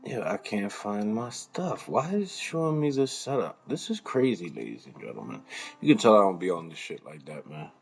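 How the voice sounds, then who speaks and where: A man's voice: lowish voice, sing-song, moderate pace, gravelly. A man hosting a live stream in casual commentary, rambling and swearing as he mutters to himself while fumbling with the computer.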